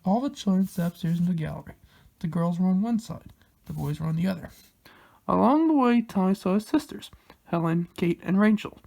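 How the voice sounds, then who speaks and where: Man reading a storybook aloud, gravelly. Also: high voice, animated, darkish tone. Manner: plain, unhurried, halting at times. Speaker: reader.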